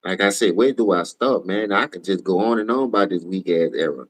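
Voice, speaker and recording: A tired man with a New Orleans accent ranting profanely on a casual sports livestream, switching between low mumbles and loud outbursts. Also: brisk. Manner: profane, heated, jumps between mumbling and shouting.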